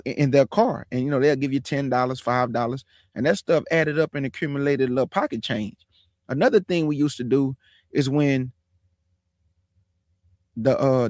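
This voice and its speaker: Animated man in his forties, dry sound. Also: medium pitch, no room sound. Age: 40s. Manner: animated, folksy, drawn-out emphasis. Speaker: show host. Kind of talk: personal testimony, casual storytelling.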